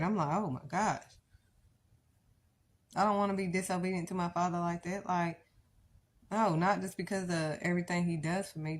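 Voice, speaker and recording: A middle-aged woman preaching bluntly on a live stream, pressing the listener with rhetorical questions. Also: low voice. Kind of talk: impassioned live-stream sermon.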